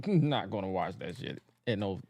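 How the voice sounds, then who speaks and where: A man's voice: fairly low pitch, sing-song, a little slow, warm tone, no echo. A man co-hosting a podcast, chatting casually about wrestling, loose and rambling, tripping over names. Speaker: podcast co-host.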